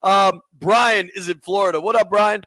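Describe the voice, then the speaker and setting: A man's voice: high-pitched, fairly even intonation, moderate pace, pushed and bright, no room sound. A man hosting sports talk radio, taking listener calls in a casual, slangy way.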